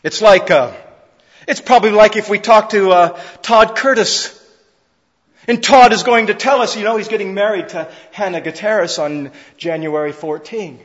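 High-voiced pastor guy preaching, goes soft then loud, long echo off the walls. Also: moderate pace, dull audio. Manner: swings from quiet pleading to loud exclamations. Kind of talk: sermon.

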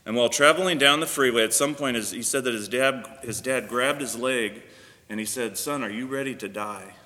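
Pastor preaching in a reverberant church. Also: male voice, mid-range voice, fairly quick, bright, forceful tone. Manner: prayerful then earnest preaching with many fillers. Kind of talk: sermon. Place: church sanctuary. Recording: long reverb of a church hall.

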